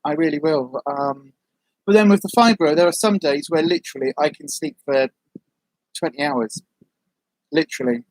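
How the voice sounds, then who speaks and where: A woman's voice: low-pitched, normal speed, pauses often, darkish tone, no room sound. A woman chatting casually on a livestream, reading out viewer comments in a rambling, friendly way with lots of ums. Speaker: vlogger, livestream host.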